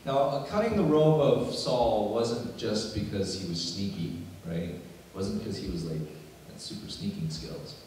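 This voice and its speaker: A man's voice: lowish voice, expressive, a little slow, a little mellow, a little hiss or hum. A man, a pastor, preaching a sermon in a conversational way, with joking asides to his congregation. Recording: echoey hall from far off.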